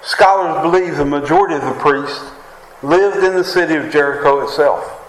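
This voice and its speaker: A man's voice: a little high, normal speed. A man with a West Virginian accent preaching a sermon as pastor, often asking the congregation "Amen?". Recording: echoey room with faint ambience.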